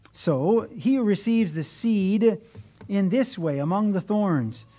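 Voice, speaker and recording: A man preaching a sermon, shifting between emphatic declarations and hushed asides. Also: a little high, creaky. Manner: wide swings between emphatic and hushed delivery. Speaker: pastor.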